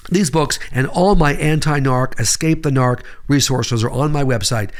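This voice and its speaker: A man's voice: mid-range voice, moderate pace. A man, a psychologist, delivering a blunt, emphatic advice monologue straight to his viewers. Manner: emphatic, blunt, punchy delivery with sharp rises. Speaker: psychologist giving relationship advice.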